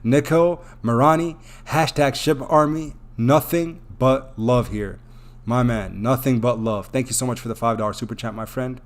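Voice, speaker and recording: A male livestream host reads out super chats and thanks each viewer again and again. His voice sits at an ordinary middle pitch. He sounds effusive and openly emotional. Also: moderate pace. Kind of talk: live stream chat, reading super chats.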